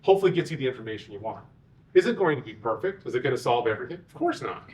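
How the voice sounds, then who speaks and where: A man, a physician executive, giving a conference talk with animated, sarcastic asides. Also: medium pitch, racing, recorded from a distance.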